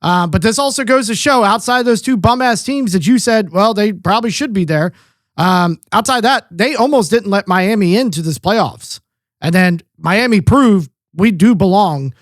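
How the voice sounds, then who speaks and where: A man's voice: sits high, expressive, moderate pace, dry recording, studio quality. A man co-hosting a sports podcast, talking casually with lots of swearing and filler words. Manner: profane, rambling, lots of fillers. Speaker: podcast co-host.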